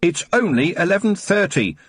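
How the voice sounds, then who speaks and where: A man's voice: medium pitch, very animated, slow pace, a bit bright, breathy edge, no room sound, studio quality, heavily acted. A man voicing an earnest young witch girl in an audiobook, speaking with concern.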